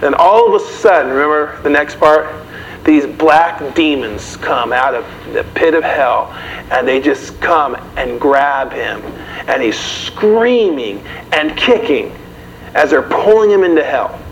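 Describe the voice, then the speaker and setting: A man's voice: a little high, animated, measured pace. A man preaching a sermon in a conversational way, often asking the audience questions. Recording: dull, slightly noisy recording.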